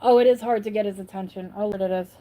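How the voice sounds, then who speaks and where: Mellow-voiced woman chatting on a livestream. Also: mid-range voice, steady tone, fast talker. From upstate New York. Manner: chatty, answers viewers' comments as she goes. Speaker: livestream host. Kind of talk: casual livestream chat.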